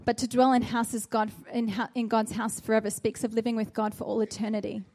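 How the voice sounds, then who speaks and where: Woman preacher with a soft, mellow voice. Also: fairly high pitch, flat delivery, a little fast. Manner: earnest, exhorting with rhetorical questions. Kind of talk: sermon.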